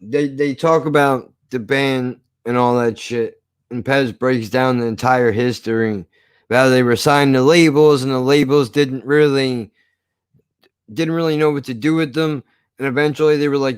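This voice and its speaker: A man's voice: medium pitch, fairly even intonation, normal speed, clean tone, no echo. A man streaming live, ranting casually in a rambling, profane way with frequent restarts.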